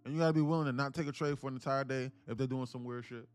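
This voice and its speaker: This is casual live-stream commentary from a man with a New York accent who hosts a day-trading stream. His medium-pitched voice is clear and resonant, steady in tone yet racing in pace, as he slips into loose, profane street slang and chants repeated phrases over soft background music.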